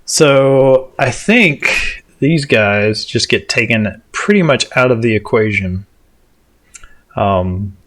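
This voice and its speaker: A man's voice: fairly low pitch, fairly bright tone. A man running a tabletop game as game master, rambling with lots of ums and restarts. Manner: rambling, many fillers and restarts.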